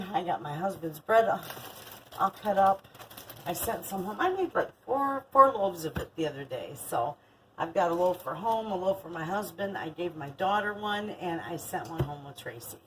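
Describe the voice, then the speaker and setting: A woman's voice: fairly low pitch, a little hiss or hum, rough recording. Chatty older woman in a kitchen. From Michigan. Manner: chatty, rambling, affectionate. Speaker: homestead vlogger. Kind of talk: casual kitchen vlog. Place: home kitchen.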